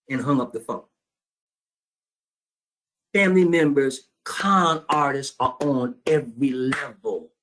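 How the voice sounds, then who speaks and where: A man's voice: medium pitch, measured pace, pauses often, fairly bright tone. A man teaching a trading class, telling a blunt, profane story and acting out both sides of a phone call. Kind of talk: storytelling lecture to students.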